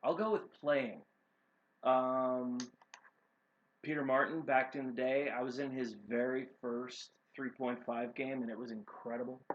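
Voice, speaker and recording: A man's voice: mid-range voice, fairly even intonation, a little slow, a little hiss or hum. A man co-hosting a casual chat, talking in an easygoing, enthusiastic way. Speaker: co-owner of a role-playing stream. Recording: dull lo-fi stream audio.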